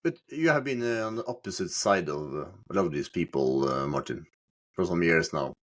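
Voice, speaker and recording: A man with a very deep voice and a lively, swinging pitch hosts a podcast. He puts a long question to his guest and stops on "uh" between phrases as he builds it. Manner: halting questions full of uh fillers. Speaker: podcast host. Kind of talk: interview question.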